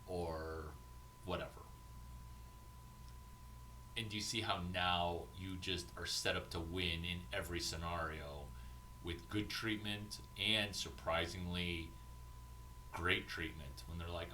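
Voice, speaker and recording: A man talks through an informal coaching session as a mentor, swearing freely and slipping into acted snatches of banter. His voice sits on the low side but cuts through with a hard, tense brightness. A faint hiss runs underneath. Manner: profane, animated, acts out quoted banter. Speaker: entrepreneurship mentor.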